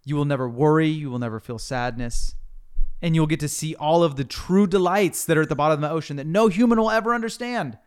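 A man voicing a mermaid who lures a surfer to Atlantis with a dreamy, persuasive pitch. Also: fast, clear, resonant tone, natural voice.

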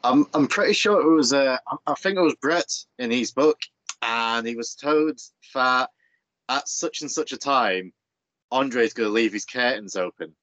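A man's voice: medium pitch, animated, a little slow, a bit bright, dry recording. A man interviewing a guest in casual talk, mostly chiming in briefly and now and then retelling a story. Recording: dry, dull lo-fi sound.

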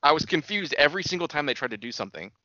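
A man hosting a casual chat in a relaxed, rambling way. His pitch moves around a lot and his tone is bright. The sound is dry and lo-fi. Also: racing, dry recording. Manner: relaxed, rambling, with lots of fillers. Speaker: podcast host. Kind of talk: casual chat about wrestling.

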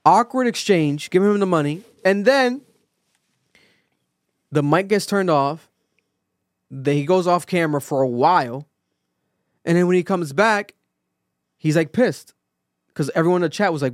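Man, podcast host, casual chat, higher-pitched voice, dry close sound, acts out quotes, swears freely. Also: moderate pace, pauses often, no echo.

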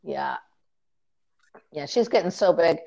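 A woman's voice: low-pitched, expressive, takes it slowly, vocal fry, a little mellow, highs cut off. A woman chatting casually on a podcast over a remote call, telling stories with lots of fillers and laughter. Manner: chatty storyteller, laughs often, many fillers. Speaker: podcast co-host, remote guest. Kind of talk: casual chat.

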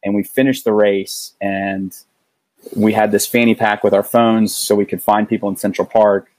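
A middle-aged man telling a personal story in casual conversation, earnest and halting, often restarting his sentences. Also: on the low side, little pitch movement, a little mellow, no echo, poor audio. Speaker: guest.

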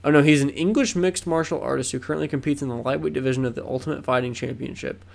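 A man's voice: medium pitch, fast, gravelly. A young man co-hosting a podcast in casual chat, rambling and swearing with lots of fillers and restarts. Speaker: podcast co-host.

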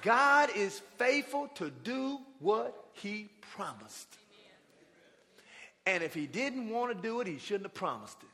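Male preacher, high and forceful, shouting call-and-response lines, long reverb from the church hall. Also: very animated, slow pace. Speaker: pastor. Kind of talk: sermon. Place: church sanctuary with congregation.

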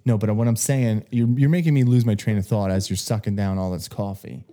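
A man's voice: on the low side, steady tone, fairly quick, dark tone. A man co-hosting a casual podcast chat, asking rambling, skeptical questions. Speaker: podcast co-host.

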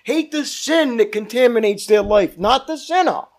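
A man's voice: very high voice, expressive, normal speed. A male pastor leading a Bible study, teaching emphatically, repeating points and asking the group questions.

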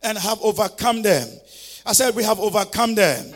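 A man's voice: sits high, moderate pace. A male pastor preaching a fervent sermon, calling on listeners to repeat declarations after him.

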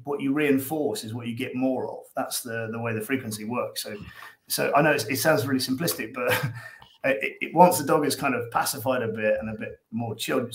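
On a casual podcast, a dog behaviour coach with an Irish accent rambles in a mid-range voice that sounds reverberant. He stumbles over repeated words and plays out little scenes.

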